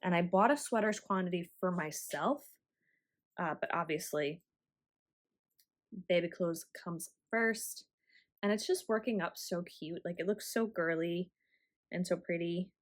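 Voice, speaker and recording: A woman around thirty chatting casually as a knitting vlogger, rambling with frequent ums and laughing warmly now and then. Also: lowish voice, measured pace, long pauses. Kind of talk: casual chat.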